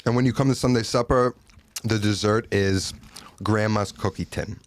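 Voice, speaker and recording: A food creator on a podcast, chatting with enthusiasm and trailing off. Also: male voice, lowish voice, fairly even intonation, normal speed. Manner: enthusiastic, rambling with fillers. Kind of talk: casual chat.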